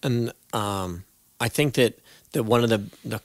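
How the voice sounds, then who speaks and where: A man's voice: medium pitch, unhurried, no room sound. A young man hosting a casual interview, asking rambling questions in an earnest, affirming way. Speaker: podcast host.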